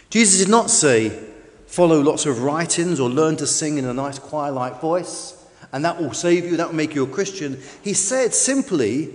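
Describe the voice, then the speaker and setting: A man's voice: a little high, expressive, normal speed, a little mellow, big-room sound. A man preaching a sermon with an emphatic, varied delivery.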